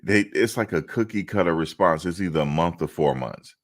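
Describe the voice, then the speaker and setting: A man from New Jersey telling a travel story to camera in a casual, animated, slangy way, repeating himself for emphasis. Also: low-pitched, brisk.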